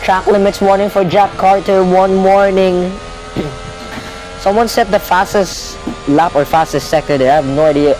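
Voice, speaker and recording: A young man commentating a video game race live, rambling and correcting himself, getting excitable when cars crash out. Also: sits high, measured pace, soft background music, poor audio.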